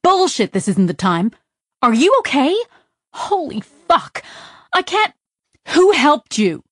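A woman's voice: mid-range voice, animated, measured pace, dry recording, studio quality. A woman narrator voicing an agitated woman who presses hard with urgent, swearing questions. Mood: frantic. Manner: urgent, swearing, rising to near shouts. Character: agitated adult woman, sharp and frantic.

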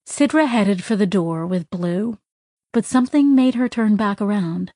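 A woman narrating a story in a measured, even way. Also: medium pitch, dry recording, studio quality. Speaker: audiobook narrator. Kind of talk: scripted narration.

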